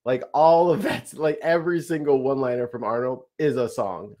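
A man co-hosting a podcast as its producer, chatting excitably in casual banter. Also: medium pitch, fairly quick, hardly any pauses.

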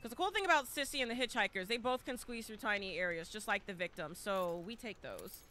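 A woman streamer giving chatty, excitable live commentary as she plays, now and then breaking into loud shouts. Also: medium pitch, quick pace, a little hiss or hum.

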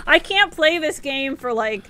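A woman streaming herself playing a horror game, giving excitable live commentary and shrieking and shouting at enemies. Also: high voice, a little slow, background noise. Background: game music.

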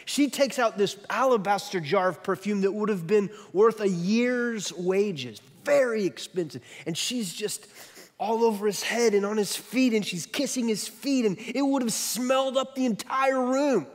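Man, pastor, lively sermon storytelling, high-pitched, long hall reverb. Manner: animated storytelling with quick shifts in loudness.

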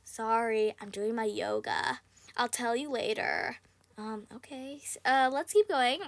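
A young female gaming host narrating her game play, excitable, squealing and shouting when in danger. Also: on the high side, a little slow, creaky, no room sound. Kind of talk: game commentary.

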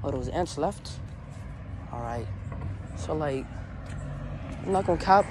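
A woman's voice: sits low, lively intonation, slow, background noise. Teasing, slangy woman outdoors. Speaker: vlogger running the game. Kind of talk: casual excited chat.

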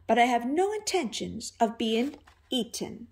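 A woman voicing a calm, contented duck in a storybook read aloud, in a matter-of-fact, cheerful way. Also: a little high, unhurried, vocal fry, full character voice. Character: calm, contented duck living inside a wolf.

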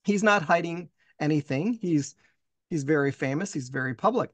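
Man co-host explaining an on-screen article, earnest, fairly high voice, dry close sound. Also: animated, moderate pace, no room sound. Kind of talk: walking through an article on screen.

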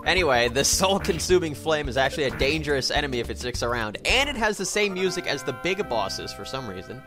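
A man's voice: medium pitch, very animated, fast. A young man hosting a let's play, explaining game mechanics in a joking way and laughing often. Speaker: let's play host and narrator. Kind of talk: casual game commentary. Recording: game music behind.

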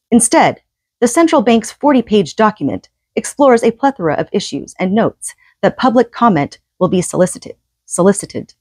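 A woman's voice: on the low side, dry recording. Earnest woman reading a book aloud. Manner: earnest, rhetorical questions. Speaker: book reader and commentator.

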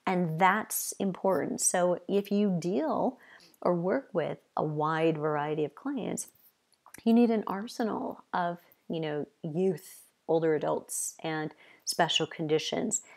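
Middle-aged female coach, lowish voice, loose conversational delivery with repeated points. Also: slow pace, gravelly, darkish tone. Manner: conversational, with frequent "you know" and list-like repetition. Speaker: fitness business coach. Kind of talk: advice talk to fitness trainers.

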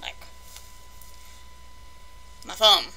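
A woman's voice: very slow, bright, forceful tone, low-quality recording. A young woman chatting casually through a toy unboxing, rambling and exasperated in her asides.

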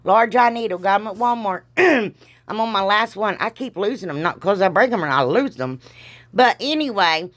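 A woman's voice: mid-range voice, lively intonation, moderate pace, a bit bright. A middle-aged woman with a Southern drawl talks through a crafting tutorial in a loose, rambling, casual way. Her voice sounds a little congested from allergies, and she scatters folksy exclamations and self-deprecating jokes as she goes. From Ohio, US. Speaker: crafting vlogger.

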